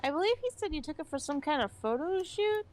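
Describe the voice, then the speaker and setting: A woman's voice: high-pitched, animated, quick pace, darkish tone, slight background noise, pitched above the performer's own voice. A woman reading the lines of a cheerful, curious young woman from a visual novel in a chatty, teasing way.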